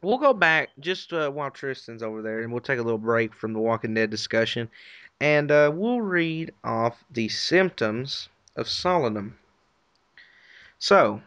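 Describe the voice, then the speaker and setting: A man's voice: medium pitch, animated, normal speed, fairly bright tone, clear, resonant tone, dry recording. A man co-hosting a casual podcast chat who is easygoing and reads lists out plainly, on slightly dull lo-fi audio. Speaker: podcast co-host. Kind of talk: casual chat and reading aloud.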